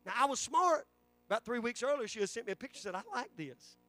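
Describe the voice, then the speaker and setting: A fervent pastor in his forties, preaching with a very high-pitched voice that keeps stumbling and restarting as he drives his point home. The sound is close and dry, with faint music underneath. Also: lively intonation, rapid-fire, a bit bright, no echo. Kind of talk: sermon. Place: church sanctuary.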